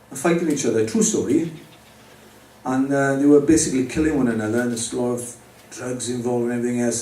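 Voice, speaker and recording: Man with a mellow voice talking straight to a live audience about his faith, recorded from a distance. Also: mid-range voice. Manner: conversational, speaks directly to the audience. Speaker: speaker giving his testimony. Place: pub or club venue with an audience. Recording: roomy, distant mic with faint background noise.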